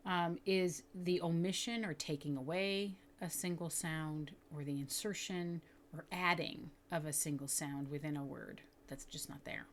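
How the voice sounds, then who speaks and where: A woman teaching educators reading techniques, explaining patiently and slowly sounding out words with careful enunciation. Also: low-pitched, steady tone, a little hiss or hum. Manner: clear, deliberate enunciation of sounds. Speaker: literacy teacher. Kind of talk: instructional video for educators.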